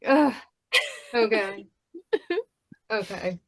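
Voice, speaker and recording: A woman's voice: medium pitch, drawn-out words, vocal fry, dry recording, studio quality. A woman hosting a podcast panel in casual chat, often laughing helplessly. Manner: giggly, breaks into helpless laughter. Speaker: podcast host.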